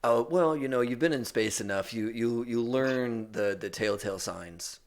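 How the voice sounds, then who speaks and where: A man's voice: medium pitch, normal speed. A man casually playing a tabletop game, rambling and laughing often. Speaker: player.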